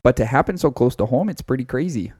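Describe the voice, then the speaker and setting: A man's voice: mid-range voice, lively intonation, fast talker, darkish tone, breathy edge, no room sound, studio quality. A man quoting a prim Canadian neighbor lady. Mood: gossipy.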